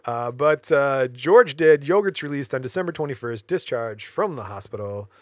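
A man's voice: mid-range voice, animated, moderate pace, dry recording, clean studio sound. A man co-hosting a casual podcast, narrating events with dates and jokes between his friends' remarks. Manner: storyteller reading out dates, joking. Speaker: podcast co-host telling the story.

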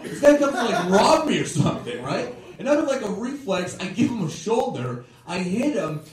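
A man's voice: high voice, big pitch swings, a little fast, few pauses, recorded from a distance, crowd noise. Young male comic in a roomy live club. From Toronto, Canada. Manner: loose rambling delivery, tags lines with "right?" and "okay?". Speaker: stand-up comedian. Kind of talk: stand-up set. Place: comedy club stage. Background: audience laughing.

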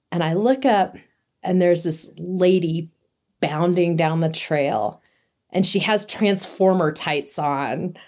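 A woman telling a personal story in a casual, lively way, laughing now and then and acting out what was said. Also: deep voice. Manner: lively, laughs while telling, acts out quotes. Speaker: interviewee telling a hiking story.

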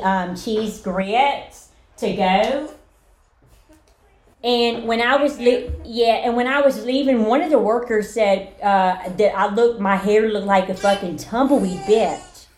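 A woman's voice: a little high, measured pace, a little mellow. A woman making a prank phone call, giggly and crude, often breaking into laughter. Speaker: prank caller.

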